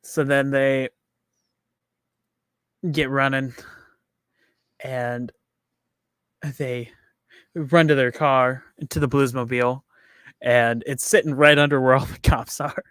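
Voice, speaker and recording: Slow, easygoing podcast co-host. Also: mid-range voice, fairly even intonation, a bit bright, clear, resonant tone, no echo, clean studio sound. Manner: retells scenes with quick acted quotes, laughs often. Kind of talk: casual movie recap chat.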